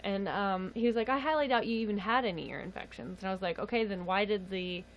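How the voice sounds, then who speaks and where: A young woman chats on a home livestream, telling a long story with exasperated asides and frequent laughs. Her voice sits at an ordinary middle pitch for a woman. A faint hiss of background noise runs under the webcam mic. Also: fast, dull audio. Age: young adult. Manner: chatty, exasperated, laughs often. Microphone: webcam or phone mic.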